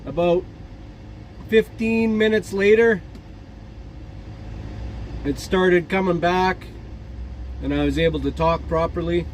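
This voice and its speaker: A man's voice: high-pitched, takes it slowly, long pauses. A man in his forties chatting casually in a trucking vlog, telling rambling jokey stories with fillers and laughs. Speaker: trucker vlogger. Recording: faint outdoor traffic noise.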